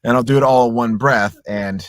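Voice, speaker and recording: A man, a voice actor, chatting casually and animatedly about his craft and demonstrating warm-ups, his voice a little sore. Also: medium pitch, moderate pace, dry recording, studio quality. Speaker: voice actor guest. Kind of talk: casual chat explaining voice acting.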